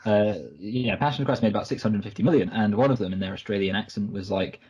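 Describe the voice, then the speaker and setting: A man's voice: fairly low pitch, quick pace, hardly any pauses, a little mellow, breathy edge, muffled recording. A man co-hosting a film podcast, chatting casually and correcting himself as he rambles through stories. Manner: rambling, self-correcting storyteller. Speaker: podcast co-host.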